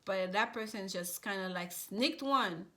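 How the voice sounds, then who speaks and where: A woman's voice: medium pitch, a little slow, pushed and bright. A woman giving a casual tarot reading, chatty and rambling, with many fillers and restarts. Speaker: tarot reader.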